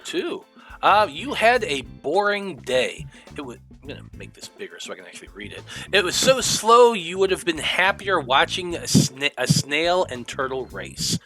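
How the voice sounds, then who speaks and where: A man narrating as game master of a tabletop game, relaxed and upbeat, with many fillers. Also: on the high side, normal speed, soft background music.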